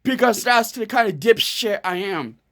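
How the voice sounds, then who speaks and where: A woman's voice: mid-range voice, animated, fairly bright tone. A woman ranting angrily to camera in a vlog, swearing often and stumbling over restarts. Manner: angry, profane, halting with restarts. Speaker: vlogger.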